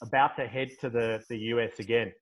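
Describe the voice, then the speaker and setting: A man's voice: mid-range voice, steady tone, brisk, poor audio. A man hosting a podcast interview, dropping short encouraging interjections. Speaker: podcast host.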